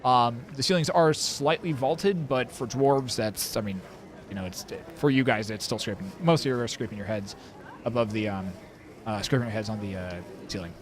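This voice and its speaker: A man's voice: mid-range voice, normal speed. Rambling man narrating a tabletop game. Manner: rambling, many fillers and restarts. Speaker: dungeon master.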